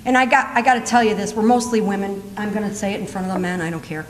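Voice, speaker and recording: An older woman giving a humorous, animated motivational talk, often laughing as she tells her stories. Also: mid-range voice, rapid-fire. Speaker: motivational speaker. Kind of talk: humorous storytelling speech. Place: conference hall. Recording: echoey hall with faint room noise.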